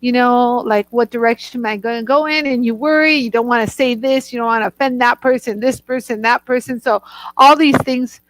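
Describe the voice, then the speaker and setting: A woman's voice: a little high, a little fast, no room sound. A woman hosting a live-stream Q&A, bubbly and gushing, greeting viewers by name. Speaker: host and product inventor.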